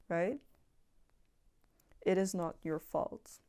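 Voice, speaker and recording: A woman's voice: on the low side, level tone, measured pace, dark tone. A young woman talking casually and earnestly to viewers about self-improvement, reassuring and repeating herself, swearing now and then. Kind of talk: casual monologue to camera.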